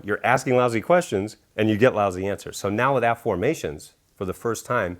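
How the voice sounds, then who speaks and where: Man, middle-aged, low voice, animated storyteller, acts out quotes with big jumps in pitch. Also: a little fast. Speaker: author and speaker.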